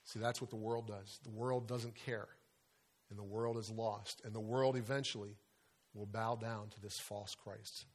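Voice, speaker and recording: A man's voice: on the low side, fairly even intonation, measured pace. Middle-aged male pastor preaching earnestly. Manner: earnest, conversational preaching with personal stories. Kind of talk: sermon.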